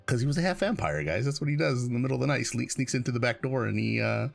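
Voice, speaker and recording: A man streaming a game, with rambling, excitable, self-deprecating commentary and casual swearing. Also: mid-range voice, quick pace, creaky, soft background music. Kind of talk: casual let's play commentary.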